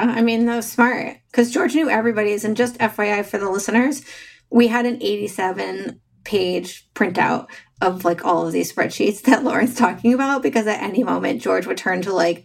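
A woman's voice: medium pitch, steady tone, fairly quick, creaky. A middle-aged woman hosting a casual podcast interview, chatty and agreeable with frequent asides. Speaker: podcast host.

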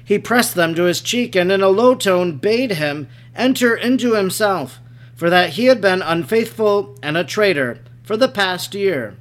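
A man narrates a religious text aloud with a measured, even delivery. His voice sits notably high for a man. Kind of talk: scripted narration of a devotional text.

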